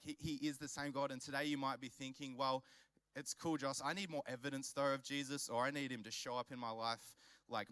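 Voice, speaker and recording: A man's voice: medium pitch, fairly bright tone, smooth, dry recording. A young man with an Australian accent preaching a conversational, earnest youth sermon, often repeating words as he builds his point. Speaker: youth pastor.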